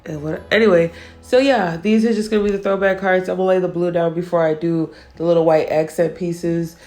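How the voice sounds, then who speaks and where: A woman's voice: on the low side, steady tone, brisk, darkish tone, faint music behind. A woman nail artist giving a casual voice-over for her nail art tutorial, chatty and teasing herself about her own mistakes.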